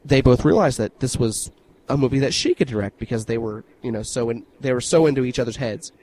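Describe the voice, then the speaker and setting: A man co-hosting a podcast, telling stories in an animated, casual way and swearing freely. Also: mid-range voice, a little fast, rough recording. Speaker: podcast co-host. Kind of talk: casual chat.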